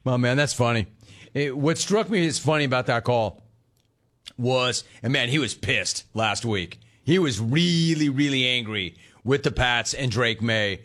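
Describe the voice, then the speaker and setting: A man's voice: mid-range voice, unhurried, fairly bright tone. A man hosting a sports talk radio show, ranting and telling stories with sarcasm, mimicking callers and his own family.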